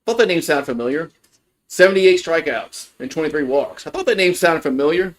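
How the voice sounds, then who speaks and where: A man's voice: on the high side, expressive, fairly quick. A man giving casual, rambling play-by-play of a college baseball game on a livestream, full of fillers and restarts. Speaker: fan play-by-play host.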